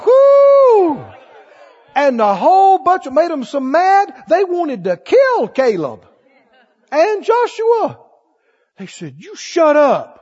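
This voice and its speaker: A man's voice: very high-pitched, very animated, slow pace, a little mellow, some chatter behind. A man preaching a sermon as pastor, asking the congregation questions and acting out the voices of doubters. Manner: preaching with call-and-response questions; acts out quoted voices of doubters. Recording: dull recording in a large echoing hall.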